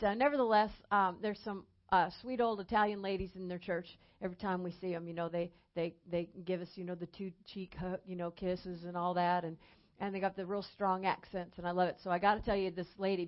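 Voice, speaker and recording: A woman evangelist preaching a sermon emphatically, slowing down and rising in volume on key phrases. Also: mid-range voice. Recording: dull lo-fi sound.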